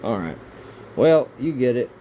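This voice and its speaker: A man rambling through pictures in casual commentary, swearing often and breaking into excitable outbursts between rambling asides. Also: medium pitch, unhurried, a little hiss or hum. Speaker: video creator. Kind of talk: casual conspiracy commentary over images.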